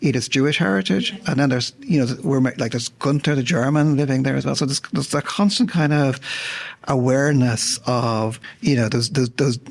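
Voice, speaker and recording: A man joining an interview, speaking in halting phrases that he restarts. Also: medium pitch, creaky. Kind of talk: interview chat.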